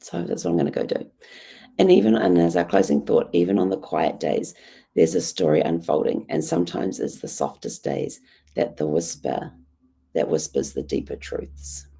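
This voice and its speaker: A woman with a badly hoarse, croaky voice, gravelly and breathy, warm and dark in tone, her pitch swinging widely as she talks. She hosts a casual journaling vlog, rambling along with plenty of ums and the odd cough. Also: wildly swooping pitch, moderate pace. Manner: rambling, chatty, many ums. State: coughing now and then. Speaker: host.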